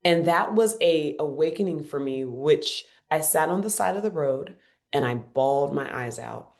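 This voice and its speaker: A former Olympic runner from Cincinnati, United States, appears as a podcast guest and tells her story with lively emphasis. She is in her forties, has a notably low voice, speaks at a moderate pace and repeats phrases to drive her points home.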